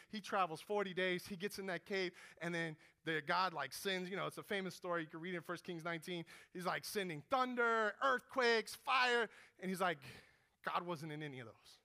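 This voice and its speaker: A man preaches with real animation, acting out prayers as he retells a story. His voice sits high and has a gravelly edge. He swings from urgent pleas down to a near hush. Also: brisk. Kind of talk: sermon with dramatized retelling.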